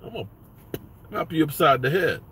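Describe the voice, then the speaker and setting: A man's voice: a little high, sing-song, a little fast, fairly bright tone, a little hiss or hum. A man hosting a sports vlog, ranting bluntly with lots of profanity. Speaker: sports vlogger.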